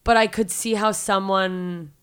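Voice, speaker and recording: A woman's voice: medium pitch, steady tone, unhurried, fairly bright tone, clear, resonant tone. A woman hosting a podcast in casual chat, asking questions and laughing often. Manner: giggly, asks questions. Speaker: podcast host.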